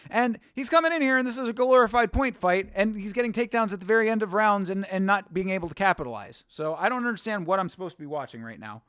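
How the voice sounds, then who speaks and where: A man's voice: sits high, lively intonation, quick pace, hardly any pauses, fairly bright tone, clean tone, no echo, clean studio sound. A young American man hosting a casual fight watch-along, chatting with viewers and swearing casually. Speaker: livestream host.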